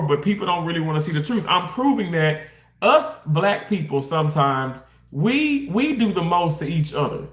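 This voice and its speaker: A man's voice: sits high, fairly bright tone, roomy sound. A man who works in a hospital, talking in a casual vlog rant, rambling and emphatic with many restarts. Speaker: hospital worker.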